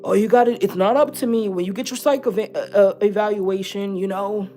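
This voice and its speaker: Calm, tired male hospital officer played by a woman, soft and resigned, flat delivery. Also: medium pitch, a little fast, soft background music, close to an everyday voice.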